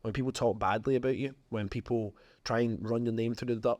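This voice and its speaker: A man's voice: mid-range voice, steady tone, brisk, few pauses, darkish tone, no room sound. This is a man hosting a business podcast, speaking in a mid-range voice. He talks in a frank, conversational way and leans hard on his key points. The recording is dry and close. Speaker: podcast host. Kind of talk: motivational business talk.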